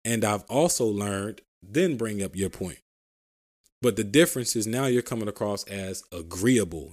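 A man with a fairly low voice talks through sales tips in a casual solo podcast. He keeps a chatty rhythm, tossing in "right?" and slipping into short acted phone lines as examples. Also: a little mellow. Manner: conversational, says "right?" often; acts out sample phone lines. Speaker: podcast host giving sales advice.

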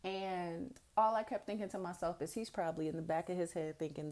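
A woman's voice: fairly low pitch, fairly even intonation, fairly quick, hardly any pauses, a little mellow. A young woman hosting a podcast, telling stories in a candid, casual way, blunt, profane and boastful. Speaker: podcast host.

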